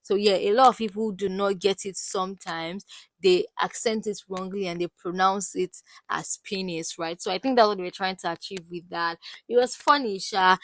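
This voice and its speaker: A woman with a Nigerian accent recapping a reality show in a casual, gossipy way, animated and full of exclamations. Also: medium pitch, moderate pace. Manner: animated, exclamatory, swinging loud and soft.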